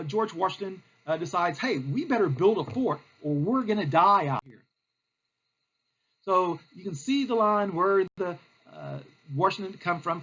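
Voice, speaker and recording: A male history teacher telling a lesson as a playful, animated story, with lots of fillers. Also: high-pitched, husky, lo-fi sound.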